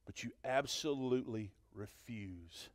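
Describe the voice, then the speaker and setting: A male pastor preaching a sermon in church, animated, swinging from loud to hushed and questioning the congregation. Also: mid-range voice, unhurried, no echo, studio quality. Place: church sanctuary.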